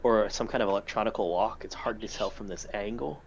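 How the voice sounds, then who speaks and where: A man's voice: fairly low pitch, a little fast, a little hiss or hum. Rambling game-master man, muffled recording. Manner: loose, rambling description with many fillers. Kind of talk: narrating a tabletop game.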